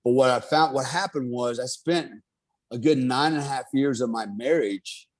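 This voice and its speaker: A man's voice: mid-range voice, moderate pace. A middle-aged man who is a military veteran, telling his story in a casual interview with an earnest, rambling manner. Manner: rambling, many fillers, earnest.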